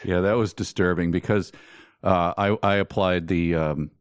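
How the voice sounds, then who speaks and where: Deep-voiced sardonic man. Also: steady tone, moderate pace, clean tone, dry recording, clean studio sound. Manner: sardonic, mocking, laughs often. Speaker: podcast co-host. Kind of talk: casual chat.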